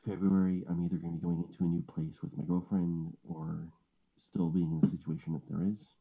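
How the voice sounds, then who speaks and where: A man speaks softly, very close to his microphone, during a late-night livestream chat at home. His voice sits very low and sounds dark and husky. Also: level tone, fairly quick, dull audio. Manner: talks quietly close to the mic while his family sleeps. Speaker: show regular.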